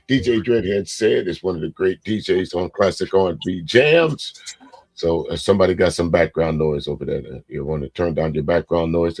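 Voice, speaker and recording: A man hosting a casual live stream chat show, talking in a laid-back, drawn-out way and chuckling often. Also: deep voice, a little mellow, breathy edge, no room sound.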